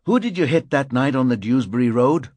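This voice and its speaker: A man's voice: mid-range voice, expressive, fairly quick, darkish tone, no room sound, lightly acted. A man voicing a young male crime reporter who presses hard with insistent questions, in an audiobook reading. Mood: pressing.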